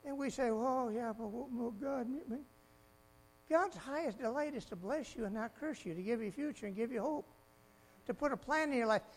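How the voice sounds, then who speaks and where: A man preaching a sermon in an animated way, swinging from loud exclamations to quiet asides and laughing often. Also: very high-pitched, brisk. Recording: mains hum behind the voice.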